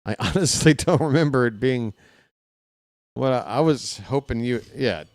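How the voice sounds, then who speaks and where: A man calling a baseball game live in a casual play-by-play style, chatty and candid, drifting into personal asides between the pitches. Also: moderate pace, darkish tone, no echo. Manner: candid and self-deprecating. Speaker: play-by-play announcer.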